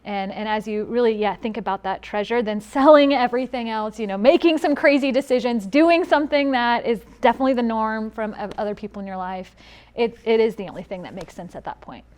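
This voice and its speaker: A woman with a fairly high voice, speaking on a faith panel. She is reflective and sincere, and her phrases trail off more quietly at their ends. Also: a little fast. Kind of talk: personal testimony on a panel.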